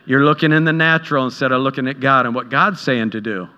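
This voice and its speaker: Bright-voiced man preaching in a reverberant hall. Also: medium pitch, quick pace, clean tone. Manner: conversational, acts out quotes, chuckles at own stories. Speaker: pastor. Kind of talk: sermon with storytelling. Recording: dull sound with long hall reverb.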